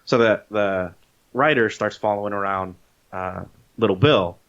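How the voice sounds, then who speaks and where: Male podcast co-host, lowish voice, casual profane storyteller, dull lo-fi audio. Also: measured pace. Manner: animated storyteller, swears freely, acts out quotes. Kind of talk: casual chat retelling a movie.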